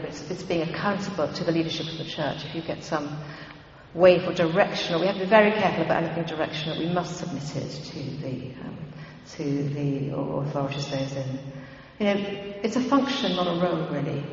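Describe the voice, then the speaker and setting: A woman's voice: lowish voice, a little hiss or hum. A woman giving an informal church teaching talk on prayer, conversational and meandering, with frequent ums and asides. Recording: dull, echoey hall recording.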